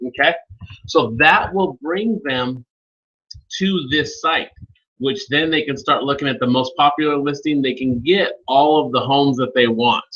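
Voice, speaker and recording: A man hosts a live software training webinar, his voice bright and forward. He talks informally and turns to attendees by name as he explains each step. The audio is a little dull and lo-fi. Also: mid-range voice, unhurried.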